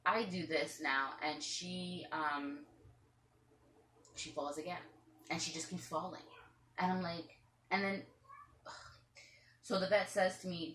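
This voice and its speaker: A woman with a low voice and a bright, forceful edge tells her story in a loose, rambling way. She drops into other people's lines as she goes. Her room sounds roomy, with a faint hum of noise behind her. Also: steady tone, slow, long pauses. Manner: chatty, rambling, acts out what others said. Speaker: parrot owner and vlogger. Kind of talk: casual storytelling to camera. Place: room at home with pet birds.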